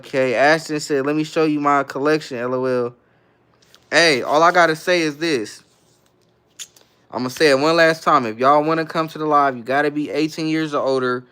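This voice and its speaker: Hosting a casual live stream, a young guy from California's Bay Area reads each viewer comment out loud and replies in easygoing slang. He sounds a little high, smooth, and fairly bright.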